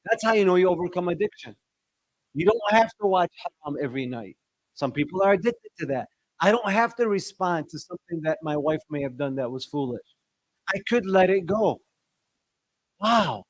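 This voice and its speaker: A middle-aged man with a fairly high voice gives a lively religious talk to a live audience, and he keeps firing questions at his listeners. His voice sounds dry and close, with no room echo. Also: moderate pace. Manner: lively, asks the audience questions, shifts pitch sharply for emphasis. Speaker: discussion leader.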